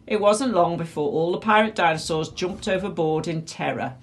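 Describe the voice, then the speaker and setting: A woman reading a children's picture book aloud with expressive, animated delivery. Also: on the low side, normal speed, hardly any pauses. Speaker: storyteller.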